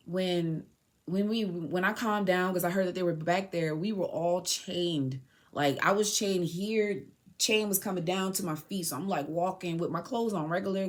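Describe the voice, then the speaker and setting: A young woman hosting a podcast, telling a painful personal story in a candid, slangy way and near tears at times. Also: on the low side. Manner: emotional, slangy and candid, retelling dialogue. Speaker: podcast host.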